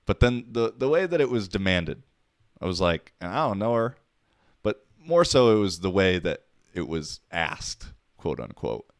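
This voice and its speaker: A man's voice: low-pitched, big pitch swings, moderate pace, dry recording, studio quality. A man hosting his own podcast, talking alone in a rambling, profane, wisecracking way. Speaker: podcast host. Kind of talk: casual solo podcast monologue.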